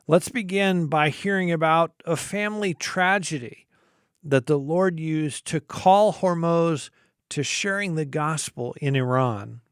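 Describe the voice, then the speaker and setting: Male radio host, measured reading, fairly high and smooth voice, dry studio. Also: fairly bright tone, no room sound. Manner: measured, slows for the website address.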